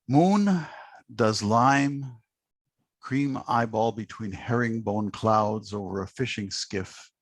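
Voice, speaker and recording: A man hosting a poetry prize ceremony on a video call, joking gently and reading a poem aloud. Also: medium pitch, no room sound. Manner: unhurried, gently joking, with frequent uh fillers. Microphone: video call microphone.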